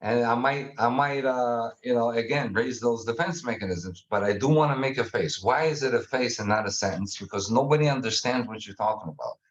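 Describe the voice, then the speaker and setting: A man guest explaining a communication method in casual conversation, animated and acting out examples. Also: medium pitch, brisk, hardly any pauses, dull audio. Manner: animated, acts out examples with faces and sounds.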